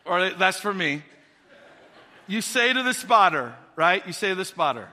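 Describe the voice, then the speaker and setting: A male pastor preaching a sermon, swinging between quiet, conversational asides and loud, shouted exhortation. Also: high-pitched, animated, moderate pace, long reverb tail.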